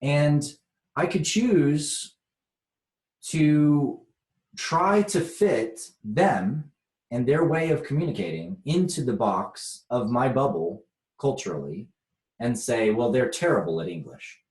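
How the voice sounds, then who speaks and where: A man's voice: medium pitch, animated, slow pace, darkish tone, roomy sound. An American man leading a spiritual workshop talk, reflective and chuckling often as he teaches.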